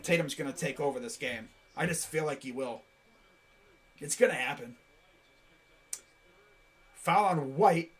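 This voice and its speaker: A man whose voice is on the high side and husky streams his reactions to a basketball game. His casual commentary jumps from fast, hyped calls to meandering, playful asides.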